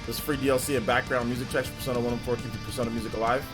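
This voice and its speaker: A man's voice: mid-range voice, level tone, rapid-fire, over music. A man hosting a livestream, chatting casually and rambling through viewer comments with lots of filler words. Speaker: livestream host.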